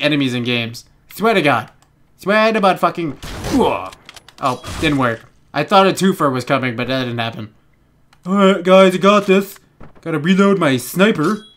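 A young man giving excitable, rambling let's play commentary, swearing constantly and getting jittery as he plays. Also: a little high, slight background noise. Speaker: gaming YouTuber.

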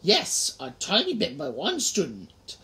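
A woman voicing a small, wise origami Yoda puppet that croaks its lines in scrambled order, read in an audiobook. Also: on the low side, huge pitch swings, a little slow, fairly bright tone, heavily acted. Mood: cryptic. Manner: inverted word order, croaking. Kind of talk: audiobook reading.

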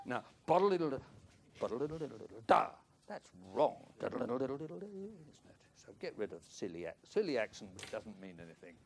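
A man's voice: fairly low pitch, wildly swooping pitch, normal speed, darkish tone. An older man coaching a student in a music masterclass, singing phrases in nonsense syllables to show how they should go. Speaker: flute teacher. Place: music school classroom. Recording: live music over speech. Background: flute and piano playing.

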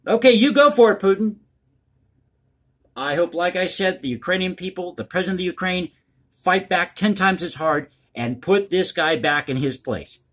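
Male commentary host with a high, husky voice, blunt and crass in his opinions. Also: expressive, normal speed, fairly bright tone.

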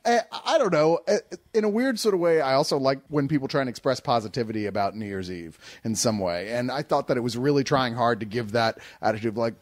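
A man reviewing a movie in a casual roundtable chat, animated and laughing, swearing freely. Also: mid-range voice, fast, no echo. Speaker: film reviewer.

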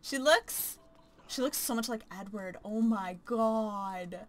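A woman giving casual, chatty commentary while playing a life-simulation game, gushing and excitable. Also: a little high, slow. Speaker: let's play commentator.

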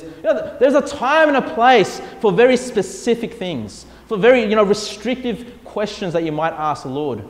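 A man's voice: sits high, moderate pace. A man preaching a sermon as a pastor, reading scripture and acting out voices in prayers. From Australia. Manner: animated preaching, acts out God's voice and people's prayers. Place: church hall. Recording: echoey church hall.

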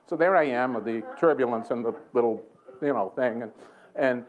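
A man's voice: mid-range voice, moderate pace, narrow, tinny audio. A man preaching a sermon in a church, telling a story with lots of chuckles and self-mocking humor. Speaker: guest preacher. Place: church sanctuary.

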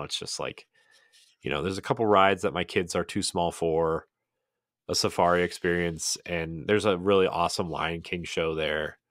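Deep-voiced guy rambling on a podcast, tons of "like"s, dry close mic. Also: fairly bright tone, no echo. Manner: rambling, many "like"s and restarts. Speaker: podcast co-host. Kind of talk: casual podcast chat.

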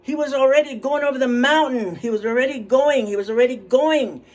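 A woman in her seventies, alone in a small apartment, preaching fervently in a monologue recorded for social media. She breaks into hallelujahs and moves between hushed prayer and high calls. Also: brisk. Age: 70s. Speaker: Facebook video speaker.

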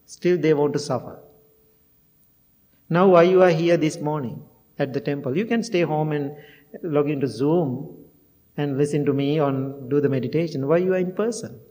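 A man's voice: fairly high pitch, moderate pace, pauses often, dark tone. A middle-aged man, a Buddhist monk, giving a heartfelt storytelling dharma talk at a temple and laughing at himself now and then. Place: temple meditation hall. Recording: long hall reverb.

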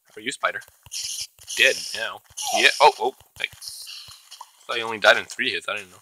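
Bright-voiced man narrating his game. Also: lowish voice, normal speed, rough recording. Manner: chatty, talks to himself and the game mobs. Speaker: gaming channel host. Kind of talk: casual gameplay commentary.

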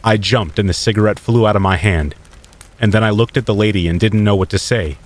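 A man reading a scripted first-person horror story in a steady, measured way. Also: fairly low pitch.

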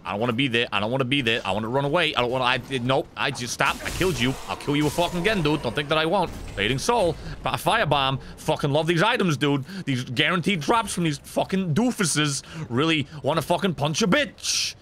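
A man's voice: on the high side, lively intonation, fairly quick, few pauses, a bit bright, a little hiss or hum. A man streaming gameplay in casual commentary, swearing often, joking and laughing.

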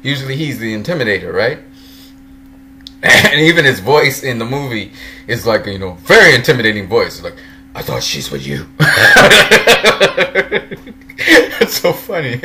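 A man's voice: mid-range voice, bright, forceful tone, slight background noise. A man casually talking about superhero movies, laughing often and playfully putting on voices for the characters he recalls. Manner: laughs often, breaks into giggles between sentences. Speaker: movie commentator.

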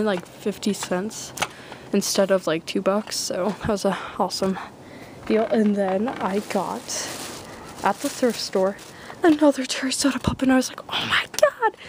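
A teenage girl chatting excitedly in a casual haul video, full of "like" and "oh my gosh". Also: medium pitch, slight background noise. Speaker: vlogger showing a thrift haul.

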